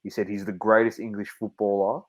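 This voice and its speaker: A man's voice: lowish voice, flat delivery, a little fast. A man co-hosting a podcast, chatting casually, laughing and teasing his co-hosts and calling them mate. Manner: laughing, teasing banter, calls people mate. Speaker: podcast co-host. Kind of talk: casual chat.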